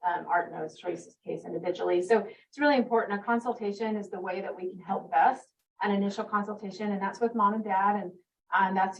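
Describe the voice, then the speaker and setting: A woman casually explaining how consultations and group coaching work, relaxed and full of fillers. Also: medium pitch, distant mic, a little hiss or hum, rough recording. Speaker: program staff explaining services. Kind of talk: casual informational talk.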